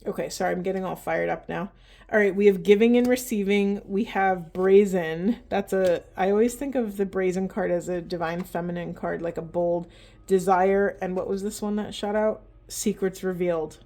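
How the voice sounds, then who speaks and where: Woman, card reader, mellow and warm, earnest and impassioned delivery, addressing viewers directly. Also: medium pitch, steady tone, normal speed. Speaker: spiritual tarot reader. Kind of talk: oracle card reading to camera.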